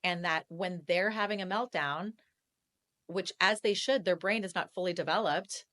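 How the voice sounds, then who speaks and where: Bright-voiced woman telling candid stories. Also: fairly low pitch, moderate pace. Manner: animated, laughs often, acts out quoted voices. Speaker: real estate agent, podcast guest. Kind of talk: candid conversational storytelling.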